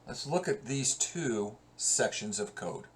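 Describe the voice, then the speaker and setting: A man's voice: mid-range voice, lively intonation, a little hiss or hum. A male professor walking through code in a screen-recorded lesson, talking conversationally and thinking aloud as he works. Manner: slow, conversational, thinks aloud while working.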